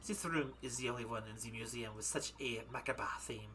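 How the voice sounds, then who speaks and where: A man doing a poised young waxwork artisan from a murder-mystery game, speaking in a wobbly mock French accent that keeps slipping toward German. Her delivery is formal and measured, with a bright, forceful edge, and she trips over her own French words now and then. The voice sits a little high. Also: lively intonation. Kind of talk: reading game dialogue aloud.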